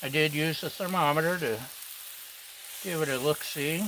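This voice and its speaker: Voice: mid-range voice, normal speed. A home cook vlogger giving playful, chatty cooking commentary outdoors, talking to the dogs now and then. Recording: loud sizzling griddle noise behind.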